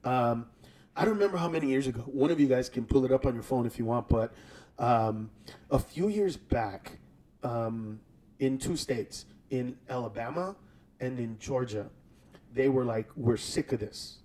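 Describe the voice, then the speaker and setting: A man hosting a casual chat, telling stories in an animated, profane, joking way. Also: medium pitch, normal speed, low-quality recording.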